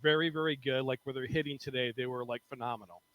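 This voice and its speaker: Bright-voiced man chatting loosely. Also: medium pitch, steady tone, quick pace, no room sound, poor audio. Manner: loose, rambling, repeats words. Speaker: guest comedian. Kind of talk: casual podcast chat.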